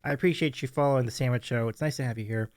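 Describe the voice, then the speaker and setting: A man's voice: medium pitch, very fast, darkish tone, no echo. A man hosting a casual live stream who laughs often and thanks viewers by name. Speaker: stream host.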